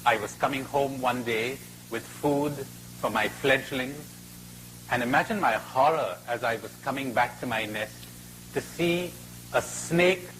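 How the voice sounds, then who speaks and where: A man's voice: mid-range voice, a bit bright, slight background noise, close to an everyday voice, low-quality recording. Bird in a told fable: grieving, resigned ; a man doing the voice. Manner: mournful, resigned. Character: grieving mother bird, helpless and bitter.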